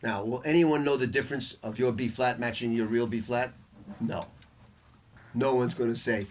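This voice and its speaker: A man's voice: medium pitch, normal speed. An older man giving a saxophone masterclass to a live audience, telling stories in a casual, profane way, acting out voices and laughing often. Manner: animated, acts out quoted voices, laughs often. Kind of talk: casual, profane storytelling lecture. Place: music store hall with a small audience. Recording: faint background noise and clicks.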